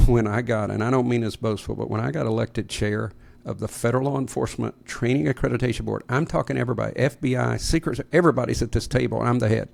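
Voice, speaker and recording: A man's voice: medium pitch, steady tone, quick pace, gravelly, darkish tone. A middle-aged man co-hosting a podcast, telling stories in a sarcastic, casual way. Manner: sarcastic, storytelling. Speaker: podcast co-host. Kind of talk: casual conversation.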